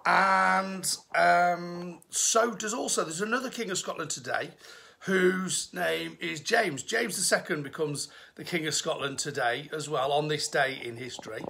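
A middle-aged English man with a Midlands accent chats through history facts on a live stream, cracking jokes and greeting viewers by name. His voice is gravelly, with a bright, forceful edge. He speaks loosely and casually, like a tour guide talking to friends. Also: a little high, unhurried. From England.

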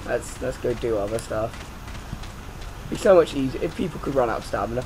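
A man's voice: mid-range voice, animated, brisk, long pauses, darkish tone, a little hiss or hum, poor audio. A man giving let's play commentary, jumpy and prone to swearing, yelping and shrieking when startled. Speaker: gaming YouTuber.

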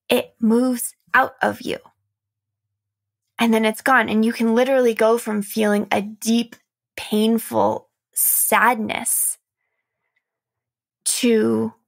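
Gentle woman with a gravelly edge. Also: on the high side. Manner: soft, earnest, encouraging, with light laughs. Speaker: podcast host and coach. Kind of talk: reflective solo podcast talk.

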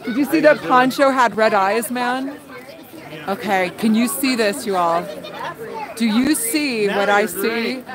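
Excited woman streaming outdoors. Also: on the high side, measured pace. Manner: excited, exclaiming, talks to viewers as "guys" and "dudes". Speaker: livestream host. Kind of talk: live walkthrough commentary. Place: suburban street outdoors at night. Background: faint crowd of trick-or-treaters.

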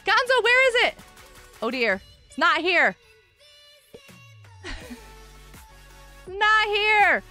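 Super high-pitched lady streamer, bouncy, bright voice, gets hyped fast, some music behind. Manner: excitable, cheers players on, frequent laughs. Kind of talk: live Minecraft stream chat.

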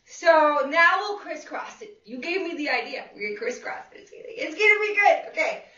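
Her voice sits high and sounds animated, moving a little fast with a pushed, bright edge. As a fitness instructor guiding a live seated workout, she calls out counts and cheers on the group with upbeat encouragement, her class there with her in the exercise room. The room echoes, and the dull lo-fi mic picking her up is far off.

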